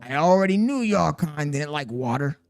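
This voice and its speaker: A man doing a slow, strained and mocking voice of another man, with a throaty sound, a little further from the mic. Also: on the high side, expressive, gravelly, no room sound, faint music behind. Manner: slow, drawn-out, taunting.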